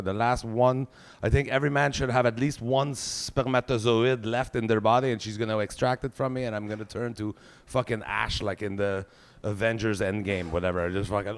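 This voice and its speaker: A man's voice: on the low side, normal speed, a bit bright, clear, resonant tone. A man doing live stand-up, telling a crude, self-mocking story peppered with swear words. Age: 40s. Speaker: stand-up comedian.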